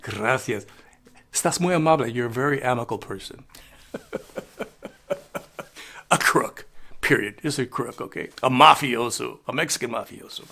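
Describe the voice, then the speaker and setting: A man's voice: medium pitch, gravelly, a bit bright. An older man telling rambling travel stories in a casual vlog, chuckling and dropping in Spanish phrases. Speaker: travel vlogger. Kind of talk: casual storytelling monologue.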